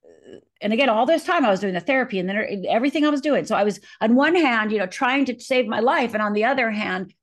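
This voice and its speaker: A woman's voice: fairly high pitch, lively intonation, fast talker. A middle-aged woman from Upper Michigan, an author interviewed as a guest, retelling her past earnestly and vividly, acting out the quotes. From Upper Michigan, USA. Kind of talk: interview, personal storytelling.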